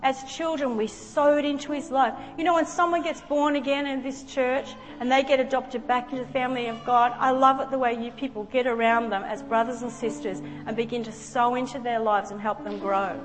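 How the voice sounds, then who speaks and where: Higher-voiced woman preaching in an echoing church. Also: fairly even intonation, a little fast, hardly any pauses. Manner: earnest, emotional storyteller. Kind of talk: sermon with personal storytelling. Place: church sanctuary. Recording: long hall reverb with faint music.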